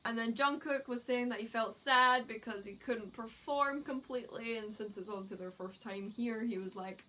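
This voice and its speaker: A young woman tells a story in a vlog. Her voice is high and bright. She chats in a giggly, excited way and fills her speech with fillers. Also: moderate pace, few pauses. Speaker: vlogger. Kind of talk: casual chat.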